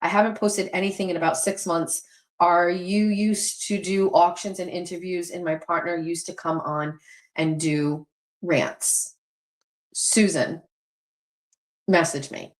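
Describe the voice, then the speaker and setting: A woman's voice: fairly low pitch, steady tone, unhurried. A middle-aged woman hosting a livestream, chatting candidly, swearing freely and reading viewer comments aloud. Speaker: livestream host. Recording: roomy echo.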